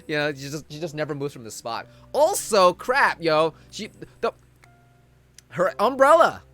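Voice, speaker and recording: A man's voice: a little high, sing-song, a little slow, sharp tone. A young man streaming a video game, chatting casually and rambling in a joking way while reading the game's dialogue aloud. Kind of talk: casual live-stream commentary.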